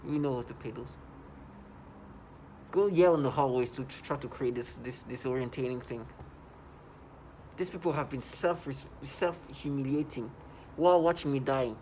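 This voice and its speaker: A man's voice: mid-range voice, normal speed, long pauses, mellow, a little hiss or hum. A man delivering a rambling personal vlog monologue, agitated, with frequent restarts and self-corrections. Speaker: vlogger.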